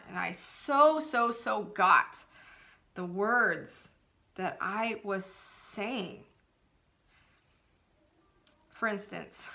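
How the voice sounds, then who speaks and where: A woman's voice: mid-range voice, vocal fry, pushed and bright. A woman speaking as a spiritual coach in an earnest, emphatic motivational talk, laughing now and then.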